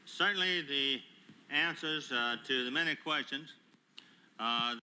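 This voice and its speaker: Speaking into a table microphone in a hearing room, a retired admiral, an older man, gives his prepared testimony formally and deliberately, often pausing hesitantly. His voice is medium in pitch, bright, and forceful, with a clean tone.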